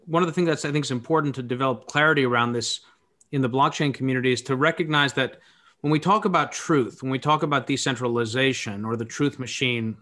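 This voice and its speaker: A man's voice: fairly high pitch, a bit bright. A man who runs his own podcast, a guest here, thinking aloud in a reflective, philosophical way. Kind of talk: reflective conversational talk.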